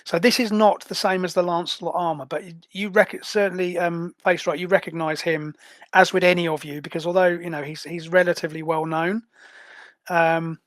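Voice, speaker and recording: A man's voice: high voice, level tone, a little fast, a bit bright, no echo. A man narrating a superhero tabletop game as game master, with many hesitant fillers.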